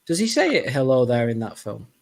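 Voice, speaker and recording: Regular guy chatting on a podcast, middle pitch, explains things thoughtfully. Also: wildly swooping pitch, a little fast, creaky, a little mellow. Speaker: podcast co-host. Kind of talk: casual chat.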